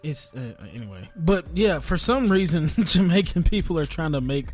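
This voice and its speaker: A man's voice: on the high side, animated, moderate pace, a little mellow, soft background music. A man co-hosting a casual podcast, chatty and laughing often as he tells stories. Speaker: podcast co-host. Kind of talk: casual chat.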